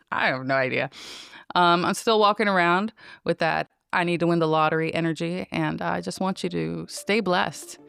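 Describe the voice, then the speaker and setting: A woman's voice: fairly low pitch, moderate pace, gravelly, fairly bright tone, smooth, no room sound, studio quality. A middle-aged woman hosting her own podcast, talking casually to listeners in a rambling, playful and self-mocking way. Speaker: podcast host. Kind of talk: casual solo podcast monologue.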